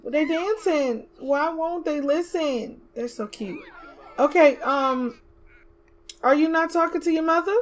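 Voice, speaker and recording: Woman, slightly high pitch; chatty let's-play host bossing her game characters around. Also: measured pace, a little hiss or hum. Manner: chatty, talks to the game characters, slips into Southern US slang. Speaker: gaming YouTuber. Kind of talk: casual let's-play commentary.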